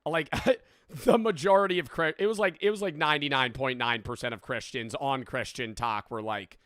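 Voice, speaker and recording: A man's voice: mid-range voice, moderate pace, a bit bright, no room sound, clean studio sound. A man in his twenties reacting to a video, rambling and swearing with laughing asides. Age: 20s. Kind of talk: casual reaction commentary.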